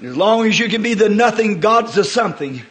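A man preaching a sermon at a church service, swinging from hushed, folksy talk to sudden impassioned shouts. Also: sits high, expressive, fairly quick. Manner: folksy, homespun phrasing. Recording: echoey old church sermon recording.

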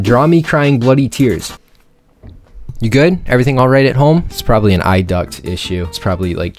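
Low-voiced young man joking while drawing. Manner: joking, rambling, mock-teasing asides. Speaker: YouTuber drawing subscribers. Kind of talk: casual commentary while drawing.

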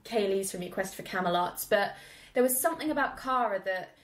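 A woman hosting a film podcast in casual chat, animated and swearing freely as she acts out scenes. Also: medium pitch, a little fast, reverberant. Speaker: podcast host.

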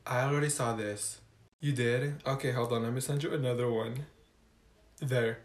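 A man's voice: mid-range voice, steady tone, reverberant. A man performing a comedy sketch in which he plays every part himself. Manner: switches fast between sassy students and a teacher. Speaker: comedy sketch creator playing all parts. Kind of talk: sketch comedy, voicing several characters.

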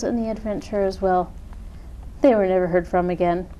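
A woman reading a children's picture book aloud with expressive delivery. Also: lowish voice, normal speed, a little hiss or hum, low-quality recording. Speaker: story reader. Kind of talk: children's storytime read-aloud.

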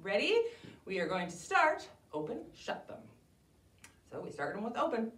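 A woman hosting an online library storytime for young children, cheerful and animated, greeting the kids and leading rhymes. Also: mid-range voice, moderate pace, long pauses. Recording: roomy echo, distant mic.

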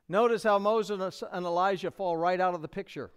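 Male American pastor, high, clear voice; earnest expository sermon. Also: brisk, hardly any pauses. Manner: earnest expository preaching, acting out quotes.

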